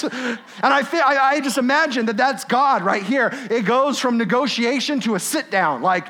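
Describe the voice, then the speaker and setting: A man's voice: very high-pitched, normal speed. A young man preaching a sermon in a conversational way, often asking "right?" and acting out little scenes. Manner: animated and conversational, with laughs and tag questions. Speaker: pastor.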